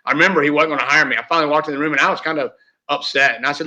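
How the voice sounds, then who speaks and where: A man's voice: fairly high pitch, steady tone, racing, pushed and bright. A man, a guest in a casual interview, talking in a heartfelt, rambling way with many fillers and restarts. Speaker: real estate team leader, guest. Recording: dull lo-fi audio.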